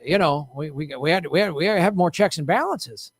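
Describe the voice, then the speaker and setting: A man hosting a casual political talk show, talking in an animated, indignant way and mocking people in quoted voices. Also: fairly high pitch, normal speed, breathy edge, dry recording, clean studio sound. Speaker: podcast host.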